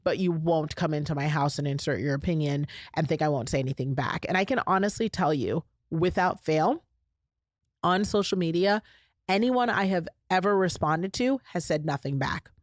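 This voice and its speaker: Woman podcast host, low voice, dry close sound, chatty and emphatic. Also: moderate pace, no echo. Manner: chatty, emphatic, addresses listeners as y'all. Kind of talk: casual solo podcast talk.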